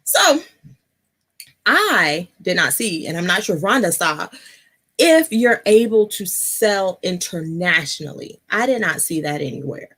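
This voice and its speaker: A woman's voice: lowish voice, lively intonation, unhurried, fairly bright tone. A woman hosting a casual live stream, a little out of breath and chatty, laughing often. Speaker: host.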